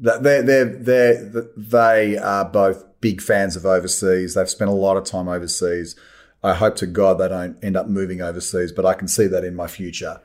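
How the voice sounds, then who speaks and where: A middle-aged Australian actor chatting as a guest in a casual interview, animated and repeating words as he starts sentences. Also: sits low, normal speed. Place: remote call from home.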